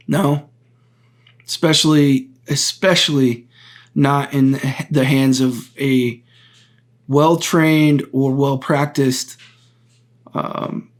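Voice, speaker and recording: A man hosts his own podcast, giving solo political commentary in an earnest, deliberate way. His pitch is fairly high, and he often stops to restart a phrase and explain things step by step.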